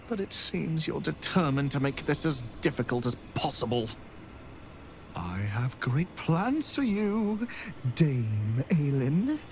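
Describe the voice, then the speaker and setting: A man's voice: medium pitch, slight background noise. An actor playing an arrogant, scheming male wizard villain in a video game, speaking with smug menace.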